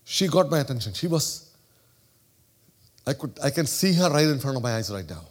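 A man from southern India with an Indian accent, preaching a sermon and telling a personal story, swinging between loud, animated exclamations and hushed, quiet storytelling. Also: medium pitch, moderate pace, pauses often. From Kerala, southern India.

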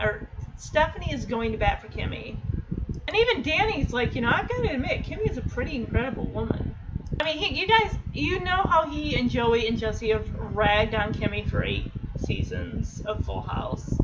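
Woman, high voice, casual episode recap, chatty, acts out lines, dull lo-fi sound. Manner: chatty, acts out characters' lines in quick bursts. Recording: dull lo-fi with steady noise.

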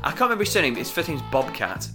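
A man hosting a casual chat, recapping a show episode with a lively storytelling manner. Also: fairly high pitch, very fast, over music. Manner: lively storytelling with frequent laughs. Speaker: podcast host recapping the episode.

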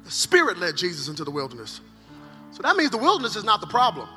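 High, lively preaching man in a hall. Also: quick pace. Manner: dramatic preaching, swinging from loud acted cries to hushed intensity. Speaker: pastor. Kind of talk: energetic sermon. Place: large conference hall. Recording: live sermon with hall reverb and faint music.

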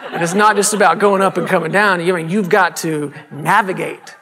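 A male minister telling a personal story as a sermon testimony, animated and self-deprecating, chuckling as he goes. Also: high-pitched, brisk, in a large hall, a crowd in the background.

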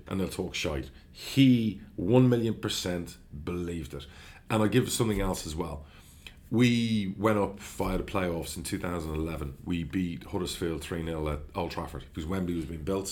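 A middle-aged man, a football club chairman, chatting casually in an interview, blunt and animated, swearing freely as he tells stories. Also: sits low, normal speed.

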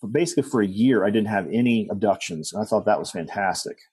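A man's voice: lowish voice, fast, a little mellow, slightly rough, no echo. A middle-aged man telling personal stories as a guest, rambling with restarts and asides. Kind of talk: personal storytelling in conversation.

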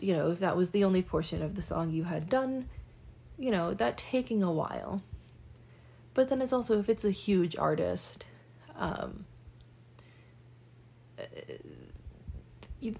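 Raspy young woman rambling casually. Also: medium pitch, darkish tone. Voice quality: raspy, creaky. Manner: rambling, self-deprecating, many ums and restarts. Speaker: vlogger. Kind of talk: casual monologue.

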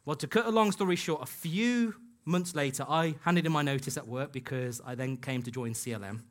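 A man's voice: a little high, fairly quick. A man preaching a sermon in a church, telling a personal story in an earnest way and acting out the dialogue he quotes. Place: church hall.

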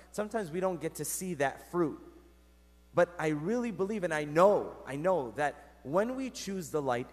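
A male priest preaching a sermon, telling stories in an animated way with wide swings in loudness and pitch. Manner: animated storytelling with big swings in pitch and volume. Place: church. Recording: echoey church hall.

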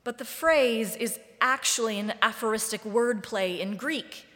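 Slow, wry woman preaching in a reverberant sanctuary. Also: on the high side, sharp tone. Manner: deliberate, wry and conversational. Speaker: pastor. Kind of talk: sermon. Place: church sanctuary. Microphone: live-streamed service mic. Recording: long reverb of a church sanctuary.

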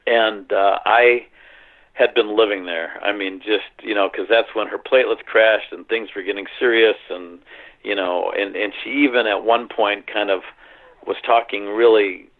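A middle-aged man recounting a personal story in an earnest, halting way, full of fillers and restarts, over a phone line. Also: on the low side, steady tone. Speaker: interview guest.

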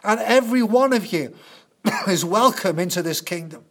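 A man voicing Jesus as a gentle, welcoming teacher, speaking tenderly. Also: high-pitched, animated, moderate pace, heavily acted.

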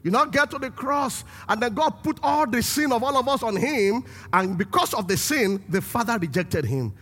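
A man preaching a sermon as pastor and host, emphatic and rising to shouts to stress his points. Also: very high voice, animated, normal speed, breathy edge.

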